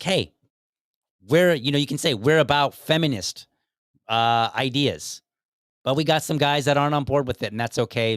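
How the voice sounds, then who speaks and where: With a medium, slightly bright voice, a man who is a young adult to middle-aged father rambles casually on his own podcast. Fillers and restarts come often in this commentary, and the recording is dry and clean, studio-quality.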